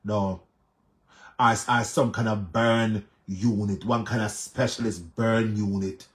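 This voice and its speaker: A man with a Jamaican accent talks through online drama in casual commentary, his voice sitting on the low side. He is emphatic and repeats his points, sliding between patois and English. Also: steady tone, slow pace.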